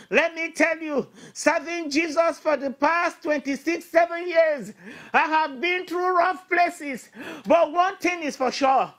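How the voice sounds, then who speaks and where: A middle-aged woman bishop preaching an emphatic sermon of encouragement, repeating declarations and building at times to shouts. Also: very high voice, slow pace. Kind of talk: exhortation sermon.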